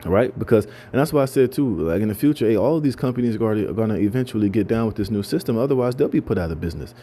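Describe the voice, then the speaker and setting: Guy ranting and reading news, kinda low mellow voice, lots of uh and you know. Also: animated, racing, a little hiss or hum. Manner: emphatic, repetitive, many fillers and stammered restarts. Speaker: commentator. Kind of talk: casual talk reading news.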